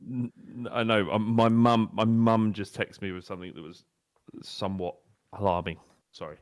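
A man's voice: fairly low pitch, little pitch movement, moderate pace. A man co-hosting a casual football podcast from his home office, chatty, easily distracted and often apologising. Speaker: podcast co-host.

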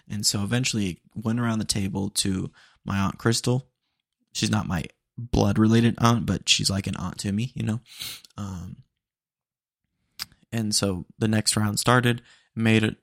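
Young guy rambling on his podcast, low gravelly voice, lots of ums, close dry mic. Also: no echo. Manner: rambling, animated storytelling with frequent fillers. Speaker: podcast host. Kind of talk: casual solo podcast monologue.

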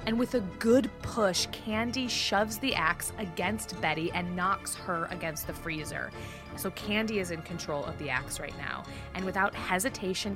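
A woman co-hosting a podcast, steadily retelling a true-crime case step by step. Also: on the low side. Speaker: podcast co-host.

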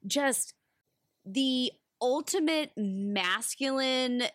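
Lively woman cohost, kinda high voice, dry close sound. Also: very slow, dry recording. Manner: lively, enthusiastic, laughs often. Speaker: podcast co-host. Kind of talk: casual chat.

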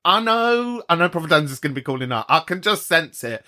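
A British man hosting a podcast, chatting casually and swearing freely, often jumping into high mocking voices. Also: very animated, quick pace, few pauses, bright, forceful tone. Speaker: podcast host. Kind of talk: casual chat.

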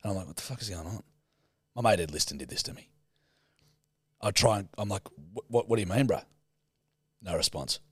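A man's voice: fairly low pitch, animated, brisk, pauses often, husky, no room sound, studio quality. A man co-hosting a podcast, telling a yarn in casual, swearing banter. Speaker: podcast co-host. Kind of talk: casual chat.

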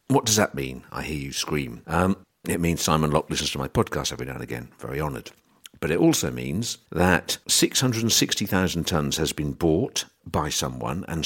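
A man's voice: rumbling low, fairly bright tone, slightly rough. A middle-aged man, hosting a podcast and casually explaining grain trading, with wry asides and quoted voices. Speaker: podcast host.

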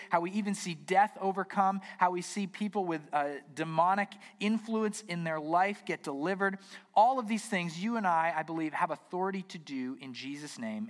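A man's voice: fairly high pitch, a bit bright. Earnest male pastor in an echoing church. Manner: earnest, repeats words as he restarts. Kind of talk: sermon. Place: church sanctuary. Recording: reverberant church hall.

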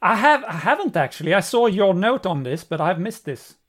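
Higher-voiced man making brief dry remarks. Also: very animated, fairly quick, fairly bright tone. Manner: brief agreeing replies, dry jokes. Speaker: podcast co-host. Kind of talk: casual podcast chat.

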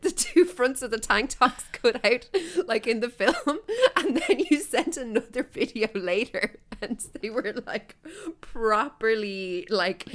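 A woman's voice: a little high, expressive, slow. An Irish woman hosting a podcast, telling gossipy stories in casual chat with plenty of laughter. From Ireland. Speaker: podcast host.

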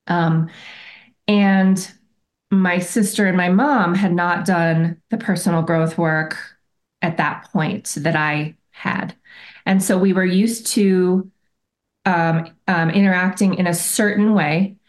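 A woman speaks as a guest in a conversational interview, with a voice sitting a little low for a woman. She tells a personal story in a reflective, earnest way and often goes back to rephrase herself. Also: steady tone, takes it slowly. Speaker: podcast guest.

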